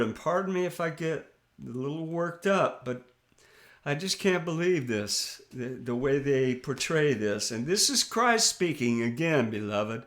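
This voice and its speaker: A man's voice: fairly high pitch, expressive, measured pace, fairly bright tone. A man teaching scripture as a preacher, reading verses aloud and commenting in an impassioned, scornful way, with frequent restarts. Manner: impassioned and scornful, addressing listeners as beloved.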